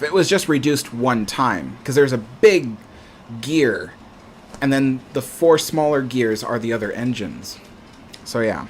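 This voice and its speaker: A man's voice: mid-range voice, slight background noise. A man hosting a live stream, chatting casually and reading viewer comments aloud with frequent ums. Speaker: livestream host.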